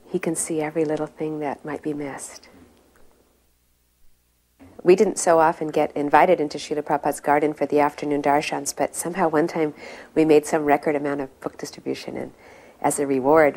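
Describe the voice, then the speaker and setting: Middle-aged woman telling a vivid personal memory. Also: sits low. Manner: animated storyteller who builds intensity and speaks with reverence. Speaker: devotee recalling a spiritual teacher. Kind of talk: personal reminiscence.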